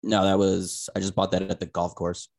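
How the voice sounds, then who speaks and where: Low gravelly man co-hosting. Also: completely flat delivery, darkish tone. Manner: halting, many uhs. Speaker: podcast co-host. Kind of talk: casual crude comedy chat.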